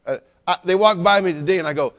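A middle-aged man preaching at a church service, teasing the congregation with jokes and rising to loud exclamations. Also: high-pitched, fast. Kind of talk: sermon with humorous asides.

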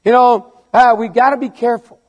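High-voiced preacher with halting repeats. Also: male voice, fairly even intonation, darkish tone, dull audio. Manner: halting, repeats words, rising to emphatic refrains. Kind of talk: sermon.

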